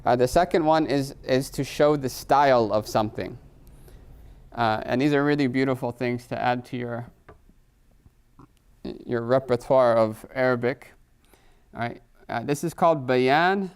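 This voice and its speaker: A middle-aged instructor runs a live Arabic grammar class at a measured pace, his voice smooth and resonant at an ordinary pitch. He explains things patiently, checks in with students often, and works Arabic terms into his English.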